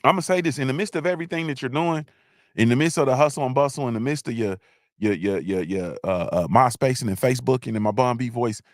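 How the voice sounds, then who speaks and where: A man's voice: medium pitch, fast talker, no room sound. Rambling man on a dry close mic. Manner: rambling, repeats himself, frequent restarts, slangy. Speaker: livestream host. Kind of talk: casual livestream monologue.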